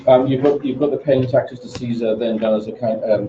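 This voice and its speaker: A man's voice: mid-range voice, fairly even intonation, a little fast. A man presenting a seminar to English teachers, telling classroom stories in a chatty way with many restarts. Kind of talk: conference seminar talk. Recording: roomy, distant, dull lo-fi with faint noise.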